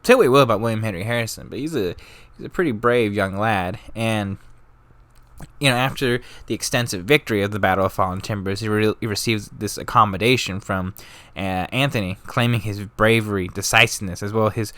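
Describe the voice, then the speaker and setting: Young man, low voice, smooth tone, casual rambling profane history narration. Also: fairly quick, a bit bright, no room sound. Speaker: history vlogger.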